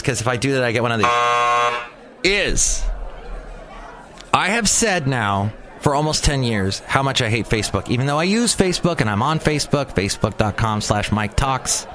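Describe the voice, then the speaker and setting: With a crowd and other background noise audible, a man in his forties hosts a solo podcast from a small hot room. He speaks at normal speed in a medium-pitched voice with lively intonation, rambling casually through jokes and asides.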